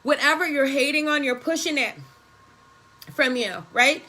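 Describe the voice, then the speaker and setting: A woman's voice: sits high, normal speed, bright, forceful tone, poor audio. A woman energy worker giving an emphatic, profane spiritual pep talk on a phone live video.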